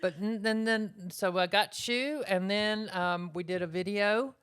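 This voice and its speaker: A woman's voice: mid-range voice, steady tone, unhurried, a bit bright, clear, resonant tone. A woman ventriloquist in a casual interview, telling her story in a rambling way with lots of fillers.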